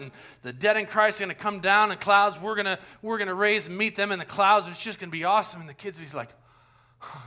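High, bright-voiced pastor telling stories. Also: male voice. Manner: animated storytelling, acts out voices with big pitch swings. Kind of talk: conversational sermon.

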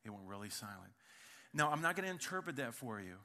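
A male pastor delivers a sermon in church, his voice bright and forward at an ordinary pitch. He talks in a loose, humorous, conversational way and speaks straight to his congregation. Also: very animated, quick pace. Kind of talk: sermon with storytelling.

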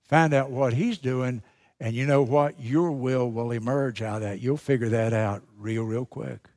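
A male pastor preaching a sermon with emphatic, dramatic pauses, repeating key phrases for effect. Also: mid-range voice, darkish tone.

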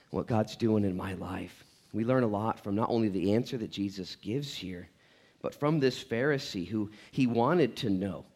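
A man in his thirties preaching a conversational sermon as a pastor, animated and joking, telling stories and often repeating words as he goes. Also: mid-range voice.

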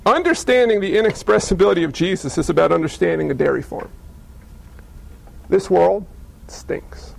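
A male pastor in his thirties preaching a sermon in a conversational, animated way, acting out little dialogues. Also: sits high, vocal fry, dry recording.

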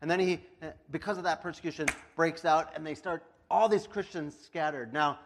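A man's voice: fairly high pitch, moderate pace, noisy background. A male pastor giving a casual, chatty sermon, telling the story with frequent laughs and acted-out voices. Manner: chatty, laughs often, lots of "like".

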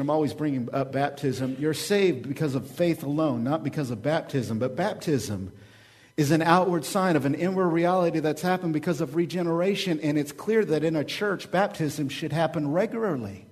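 A man from Oklahoma preaching a sermon as pastor, swinging from hushed asides to loud, joking, animated stretches. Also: a little high, brisk.

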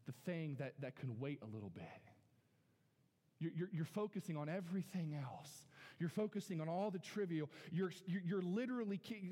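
A man delivers a sermon in an easy, conversational way, repeating phrases and turning to the congregation with questions. His voice sits a little high for a man. The long reverb of a church hall trails after every sentence. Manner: lively, conversational preaching with frequent repetitions and audience address. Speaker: pastor. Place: church sanctuary.

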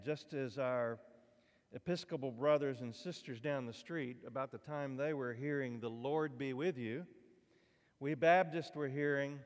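A man preaching a sermon as pastor, in a conversational, folksy way, with asides to the congregation. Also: on the high side. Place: church sanctuary. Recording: church hall reverb.

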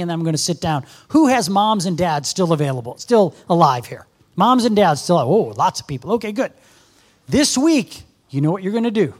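Man, 50s, high-pitched, earnest exhorting sermon, addresses the congregation. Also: darkish tone. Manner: earnest, exhorting, talks straight to the audience. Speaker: guest speaker. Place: church service with a live audience.

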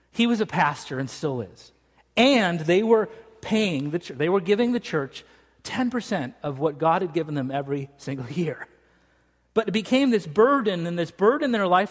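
A man preaching a sermon as a pastor, in a joking, conversational storytelling way, in a church sanctuary. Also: sits high. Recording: reverberant church hall.

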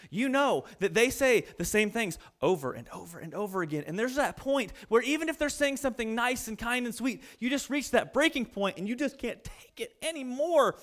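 A man in his thirties preaching a sermon, reading scripture and telling funny family stories with animated delivery. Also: very high voice. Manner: storytelling, humorous and animated. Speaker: pastor.

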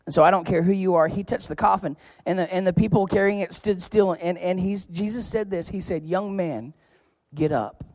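Joking, high-voiced man preaching a sermon. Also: fairly even intonation, brisk, hardly any pauses, no echo, clean studio sound. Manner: conversational, joking storytelling with sudden loud emphasis. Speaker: pastor. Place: church.

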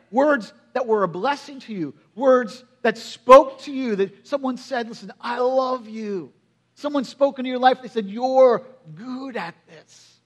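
A man in his forties preaching a sermon in a conversational way, often asking the congregation questions. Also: high-pitched. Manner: drops to a quiet, hushed voice at emotional moments. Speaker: pastor.

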